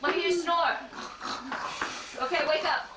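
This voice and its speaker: A woman entertaining children at a birthday party, leading them through acting games and telling a fairy tale in an animated, coaxing way. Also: very high voice, moderate pace, background noise. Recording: roomy, distant home-video camcorder sound with loud music.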